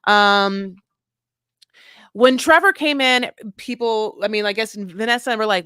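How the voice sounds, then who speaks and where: A woman co-hosting a podcast, recapping a reality show in a sassy, profane, animated way. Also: mid-range voice, measured pace, clear, resonant tone, dry recording, studio quality. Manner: animated, profane, sassy storytelling with voiced quotes. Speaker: podcast co-host. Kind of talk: casual recap chat.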